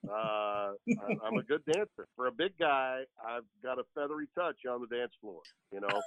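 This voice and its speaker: A man's voice: medium pitch, expressive, normal speed, dry recording. Jokey man on a tinny phone line. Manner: jokey, rambling storyteller. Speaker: guest broadcaster. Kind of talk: casual anecdote telling.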